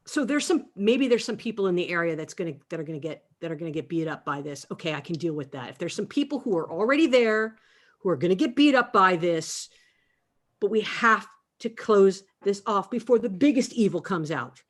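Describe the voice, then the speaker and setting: A woman's voice: medium pitch, expressive, brisk. A woman playing a tabletop horror game, questioning in character in a probing, insistent way. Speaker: player. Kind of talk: in-character tabletop role-play.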